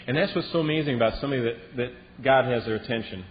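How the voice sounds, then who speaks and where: A man preaching a sermon as a Bible teacher, telling the story in a lively way and acting out the lines he quotes. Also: mid-range voice, fast. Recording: dull lo-fi recording with long reverb and faint hiss.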